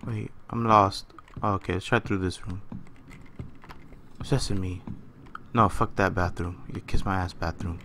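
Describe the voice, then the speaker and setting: A man's voice: low voice, steady tone, measured pace, long pauses, pushed and bright, a little hiss or hum. A young man commentating a horror game he is playing at home. He swears a lot and swings from muttering to panicked screaming. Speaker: gaming YouTuber.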